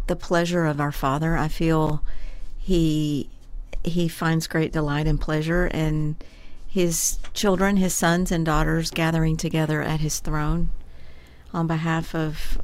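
A middle-aged woman talks earnestly in a slightly low voice on a ministry radio program. She restarts words as she goes, in a casual conversational way. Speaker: co-host of a prayer ministry radio show. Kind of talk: casual chat.

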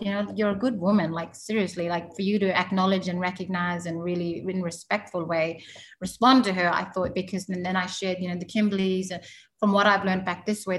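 Low-voiced woman telling stories. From Halls Creek, Western Australia. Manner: yarning, warm-hearted, frequent fillers like "you know". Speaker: interview guest. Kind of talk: conversational storytelling.

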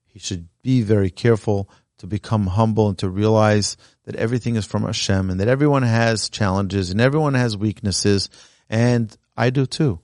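A man's voice: fairly low pitch, normal speed, darkish tone, dry recording, clean studio sound. A man teaching a Torah class as a rabbi, speaking earnestly and urging his listeners, with emphatic rising lines as he tells a story. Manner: earnest, exhortative, tells stories with emphatic rises. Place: Torah learning center, indoors. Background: live audience present.

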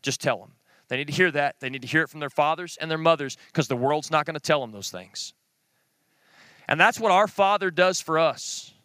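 A middle-aged man, teaching a men's group in an earnest, plain-spoken sermon with quick short phrases. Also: fairly high pitch, bright, forceful tone, no echo. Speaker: Bible teacher.

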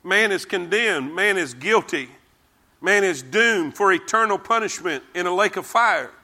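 With a high, expressive voice and a sharp tone, a man preaches a little slowly. He hammers his points through repetition and invites the congregation to respond by reading verses with him.

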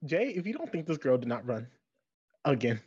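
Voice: mid-range voice, very animated, fairly quick, darkish tone, husky, no echo, muffled recording. A podcast co-host chatting casually and bluntly, with frequent laughs and sassy asides. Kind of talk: casual recap chat.

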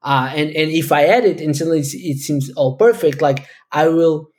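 A man from Portugal whose first language is Portuguese, speaking as a podcast guest in a thoughtful, halting way with many restarts. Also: on the high side, darkish tone. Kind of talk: casual podcast conversation.

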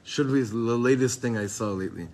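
Guy teaching a chassidus class, mid pitch, chatty and rambly, lots of hebrew words, faint room sound behind. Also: brisk, a little mellow, slight background noise. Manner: casual and rambling, sprinkled with Hebrew and Yiddish terms; frequent restarts and fillers, chuckles often. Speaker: Chabad teacher giving a class. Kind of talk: informal Torah class.

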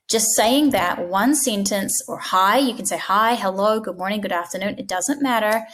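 A woman teaching front-desk staff how to answer the phone. She talks directly and with emphasis, often acting out sample greetings in a brighter voice to show what works and what falls flat. Her pitch sits in the middle. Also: moderate pace, few pauses. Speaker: dental practice trainer. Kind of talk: instructional talk.

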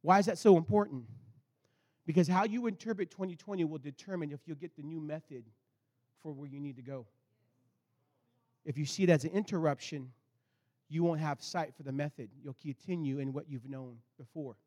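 High-voiced man preaching with fiery swings. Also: fairly quick. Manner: animated, swinging from loud bursts to low intensity. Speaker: pastor. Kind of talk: sermon with storytelling.

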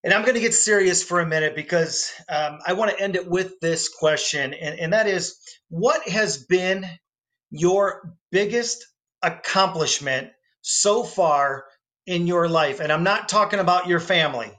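A man's voice: sits high, a little slow, pushed and bright. A man hosting a talk show, interviewing a guest with effusive praise and signing off with an upbeat outro. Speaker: radio show host.

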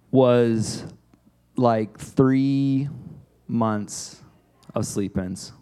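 A man's voice: medium pitch, slow pace, clean tone. Chatty man preaching a casual sermon. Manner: animated, chatty, acts out the story. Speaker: pastor.

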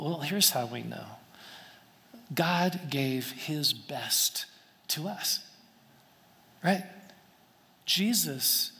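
Pastor, male, somewhat high voice; earnest, chatty sermon delivery with restarts; long hall reverb. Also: gravelly, pushed and bright. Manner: earnest, conversational, with repeated phrases and restarts. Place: church sanctuary. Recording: long echo of a large hall.

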